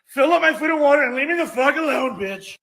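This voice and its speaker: A man's voice: very high-pitched, lively intonation, fast talker, a bit bright, exaggerated voice. A man voicing a rude, lazy male house cat that swears and bosses people around in a comedy sketch. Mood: annoyed. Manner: crude, bossy, swearing.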